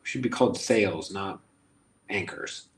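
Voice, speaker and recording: A man's voice: deep voice, unhurried, creaky. A man hosting a casual guided self-help session, who talks in a playful, rambling, jokey way and repeats phrases. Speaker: host. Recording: echoey room.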